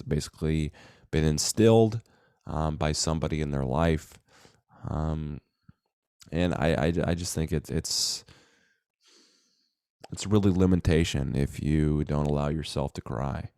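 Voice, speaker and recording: A man's voice: very deep voice, darkish tone, clean tone, no room sound, clean studio sound. A man in a casual, reflective monologue to his viewers, full of fillers and restarts. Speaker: self-help vlogger.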